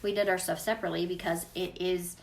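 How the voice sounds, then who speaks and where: A woman's voice: on the low side, little pitch movement, fast talker, vocal fry, recorded from a distance. A woman, an energy healing practitioner, talking earnestly and casually to viewers in a live Q&A. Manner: chatty, earnest, talks straight to viewers. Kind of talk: casual livestream Q&A.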